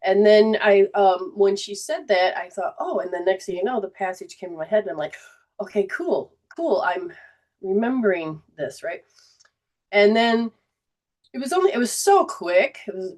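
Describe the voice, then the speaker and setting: Hosting a spiritual healing show, this middle-aged woman speaks in a mid-range, somewhat mellow voice. Her personal story is told emotionally, and she chokes up and laughs through tears along the way.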